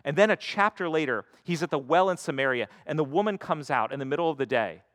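A man's voice: a little high, animated, quick pace, fairly bright tone, no echo, studio quality. Conversational man preaching a sermon. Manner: conversational, acts out quoted voices. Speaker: pastor.

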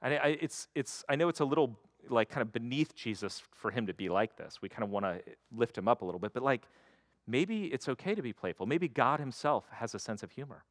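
A man's voice: medium pitch, big pitch swings, a little fast, dry recording, clean studio sound. A man preaching a sermon in a conversational way, slipping into quoted voices to act out the stories. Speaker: pastor.

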